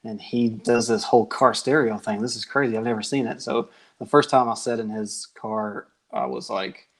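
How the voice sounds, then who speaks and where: A man's voice: lowish voice, fairly even intonation, moderate pace. A man answering interview questions in an easygoing, rambling way with plenty of fillers. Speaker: guest, company founder.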